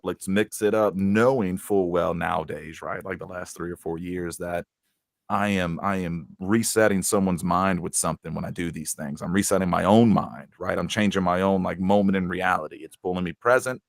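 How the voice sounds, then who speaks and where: Casual podcast co-host, man, very low voice, dry close sound, rambling storyteller. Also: moderate pace, gravelly, dry recording. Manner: rambling storyteller, mimics coworkers. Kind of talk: casual chat.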